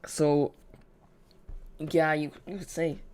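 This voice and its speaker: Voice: medium pitch, flat delivery, slow pace, darkish tone. A watch-along host giving casual live football chat, rambling and correcting themself, with dry sarcastic asides.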